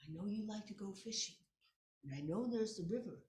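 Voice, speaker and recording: A gentle old grandmother, put on by a woman storyteller, speaking low and hushed as she warns a child. Her voice sounds soft and a touch lower than the teller's own, with an echo around it. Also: expressive, brisk, slight background noise, natural voice. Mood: hushed warning. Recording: echoey room.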